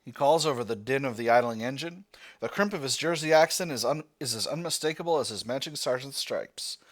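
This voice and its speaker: A man's voice: mid-range voice, brisk. A man reading a text adventure game aloud as its player, breaking off into rambling, self-correcting asides.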